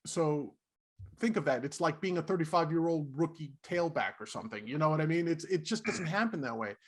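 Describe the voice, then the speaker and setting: A middle-aged man co-hosting a podcast, telling stories in a casual, animated way and laughing often. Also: fairly high pitch, a little fast. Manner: animated, laughing, acts out quotes. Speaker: podcast co-host. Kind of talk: casual storytelling chat.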